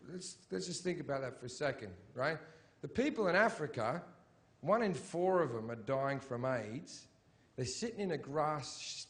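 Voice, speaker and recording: A man performing a stand-up set in a theatre, swearing constantly and swinging between shouted rants and low, mumbled asides. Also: a little hiss or hum. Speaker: stand-up comedian. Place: sold-out theatre.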